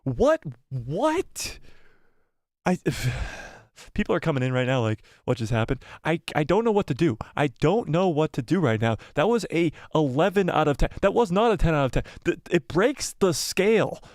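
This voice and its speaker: A man's voice: fairly high pitch, big pitch swings, moderate pace, darkish tone, no echo, clean studio sound. A man hosting a live watch party, reacting in stunned disbelief, stammering and repeating himself between yelps and mutters. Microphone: headphones and desk mic.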